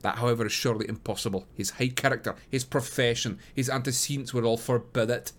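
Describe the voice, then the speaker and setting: A man's voice: medium pitch, fairly even intonation, fast, lightly acted. A man reading aloud, voicing an anxious, formal middle-aged landlady. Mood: agitated. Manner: agitated, formal.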